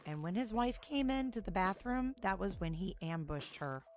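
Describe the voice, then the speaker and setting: A woman hosting a podcast, narrating and commenting in a measured, serious way. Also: mid-range voice, animated, a little hiss or hum. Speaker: podcast host. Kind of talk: true-crime podcast narration.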